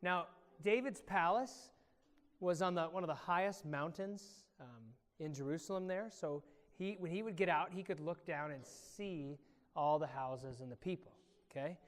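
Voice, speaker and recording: Male pastor, high voice, animated kids' lesson, echoey church hall. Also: normal speed. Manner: animated, quizzes children by name. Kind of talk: children's Bible lesson.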